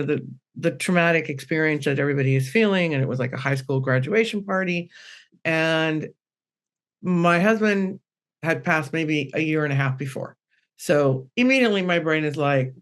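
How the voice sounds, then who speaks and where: Animated middle-aged woman telling stories. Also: lowish voice, normal speed. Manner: animated, acts out the dialogue in her stories. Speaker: guest medium. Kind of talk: personal storytelling on a podcast.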